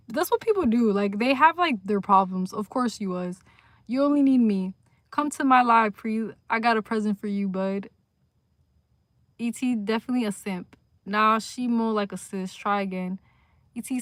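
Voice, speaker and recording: A young woman livestreams from her phone in a slightly high voice at normal speed, in a dry recording. She reads comments aloud and rambles in a slangy, casual way, drifting between mumbled asides and sudden loud outbursts.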